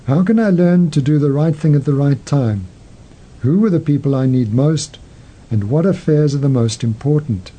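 A man voicing an earnest king who pleads respectfully for answers, in a husky voice. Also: on the high side, lively intonation, moderate pace, dark tone. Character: earnest young male king seeking answers.

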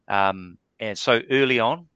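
A man's voice: medium pitch, unhurried, sharp tone, clean tone, no room sound, dull audio. A man answering interview questions in a casual, hesitant way, full of fillers and restarts. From New Zealand. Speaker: guest.

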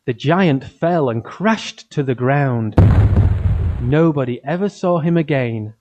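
A man reading a simple fairy tale aloud for children, in an even storytelling way. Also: medium pitch, noisy background. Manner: slow, simple, evenly paced storytelling. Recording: dull lo-fi recording.

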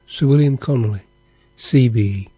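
A man presenting on radio, reading a formal introduction in a steady way. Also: mid-range voice, normal speed, faint music behind. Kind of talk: scripted introduction read aloud.

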